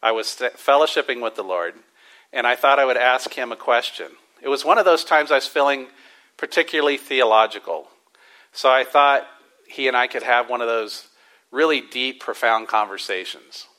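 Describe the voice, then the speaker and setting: Bright-voiced man preaching a sermon. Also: mid-range voice, poor audio. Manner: emphatic preaching with drawn-out stresses and sudden soft drops. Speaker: pastor. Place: church.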